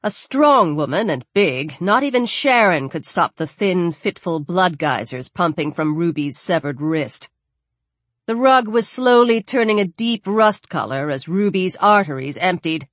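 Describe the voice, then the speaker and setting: Expressive woman narrating an audiobook. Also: on the low side, unhurried, no room sound. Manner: expressive, varied delivery.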